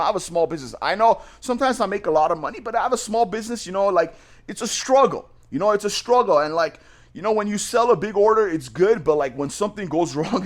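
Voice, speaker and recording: A man who owns a small business tells a story casually, repeating himself and using slang like "bro" and "man". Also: on the high side.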